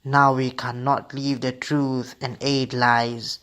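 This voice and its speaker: Defiant magicians , as a male narrator reads them, declare their faith with raised, resolute voices. The tone stays mid-pitched and unwavering. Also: little pitch movement, slow pace, a bit bright, clean tone.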